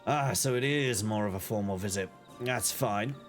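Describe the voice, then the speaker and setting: Grave male knight leader from a game, formal and measured, a British man reading him aloud. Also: fairly low pitch, faint music behind, natural voice. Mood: courteous.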